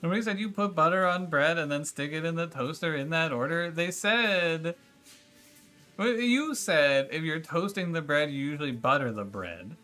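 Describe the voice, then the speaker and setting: Animated and forceful, this fairly high, bright male voice moves at normal speed, with faint music behind. He's a game streamer in a casual livestream, swearing, ranting in exasperation and arguing with his chat.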